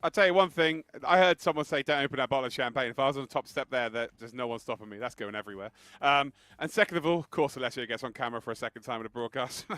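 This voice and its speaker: Bright-voiced co-commentator, man. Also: medium pitch, animated, quick pace, few pauses, no echo. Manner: loose, laughing, rambling with fillers. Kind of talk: esports broadcast commentary.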